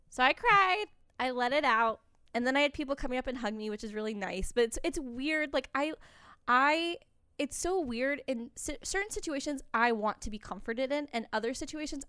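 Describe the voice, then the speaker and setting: Smooth candid young woman chatting. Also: a little high, a bit bright, no room sound, clean studio sound. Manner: candid, rambling, with frequent laughs. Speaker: podcast co-host. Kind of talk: casual chat.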